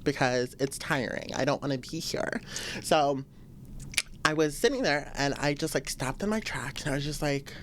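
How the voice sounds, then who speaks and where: Young woman ranting on her podcast, deep voice, keeps laughing, slight rumble behind. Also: normal speed. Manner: animated, venting, laughs often, swings to high exclamations. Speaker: podcast host. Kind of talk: casual solo podcast rant.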